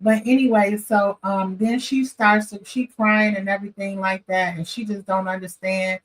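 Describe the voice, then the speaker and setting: A woman, chatting casually as she recaps a reality show, animated and opinionated, talking straight to her viewers. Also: medium pitch, normal speed, rough recording. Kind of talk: casual chat.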